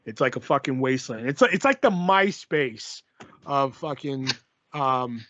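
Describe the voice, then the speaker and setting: A man's voice: medium pitch, lively intonation, measured pace, a bit bright, no echo, lo-fi sound. A man hosting a podcast, chatting casually and swearing freely as he rambles through a sponsor read. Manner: rambling and profane, reads sponsor ads loosely. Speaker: podcast host. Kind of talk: casual chat.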